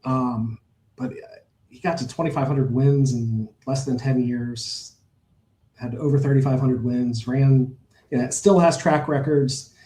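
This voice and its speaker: A man's voice: mid-range voice, fairly even intonation, unhurried, warm tone, roomy sound, rough recording. A middle-aged man, a horse owner, telling stories in a casual interview, rambling with many fillers and restarts.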